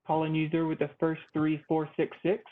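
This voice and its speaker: A man's voice: a little high, completely flat delivery, moderate pace. A man moderating a public meeting, calling on commenters one by one and repeating their numbers and names. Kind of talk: procedural meeting announcements. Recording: tinny phone-line audio.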